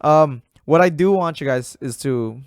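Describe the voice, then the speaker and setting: A man's voice: a little high, unhurried, clear, resonant tone, dry recording. A man co-hosting a podcast in a studio, chatting casually and swearing freely. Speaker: podcast co-host. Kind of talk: casual chat.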